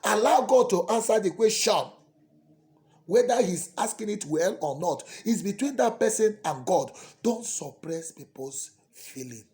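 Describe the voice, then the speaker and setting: A man, a priest preaching a sermon that swings dramatically between soft pleading and loud cries. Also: sits high, lively intonation, measured pace.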